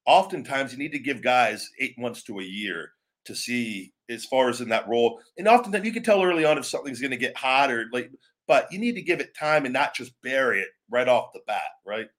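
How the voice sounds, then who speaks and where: A man with a mid-range voice, speaking a little fast, hosts a wrestling show live and aggressively curses out online trolls. Then he eases into a rambling discussion, often restarting his thoughts.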